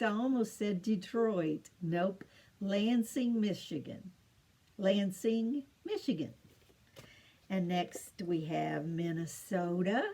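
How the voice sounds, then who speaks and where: A middle-aged woman teaching children, slow and patient, repeating each answer in a sing-song lilt. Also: medium pitch, dark tone. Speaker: teacher of state capitals to children. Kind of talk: slow home-made lesson for children.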